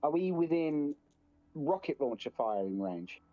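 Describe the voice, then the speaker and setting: A player in an online tabletop game asks about rolls and throws in jokes. The voice sits at an ordinary middle pitch. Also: sing-song, a little slow, no room sound, narrow, tinny audio. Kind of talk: casual chat during an online tabletop game.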